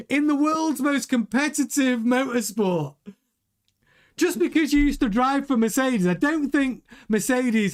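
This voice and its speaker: A man hosting a casual motorsport news commentary, animated and jokey, often laughing. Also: extremely high pitch. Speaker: news host.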